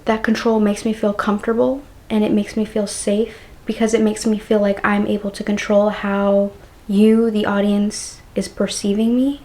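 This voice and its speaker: A woman vlogging to camera, speaking earnestly and emotionally in unscripted personal reflection with searching pauses. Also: mid-range voice, darkish tone. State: emotional, close to tears. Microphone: on-camera mic of a compact vlogging camera.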